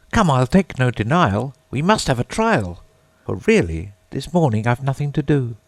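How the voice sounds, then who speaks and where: A man's voice: medium pitch, dry recording, pitched above the performer's own voice. A man voicing a touchy, gloomy male mouse that speaks severely and takes offence easily, in a storybook. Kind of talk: storybook character voice.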